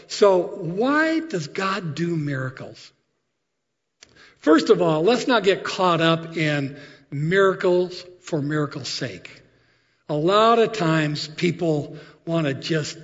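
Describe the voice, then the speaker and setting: A male preacher tells stories from the pulpit in a relaxed, animated sermon voice that sits a little high for a man. His voice rings out with a long reverb tail, and the recording sounds slightly dull and muffled. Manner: conversational, animated storytelling with asides. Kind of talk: sermon storytelling.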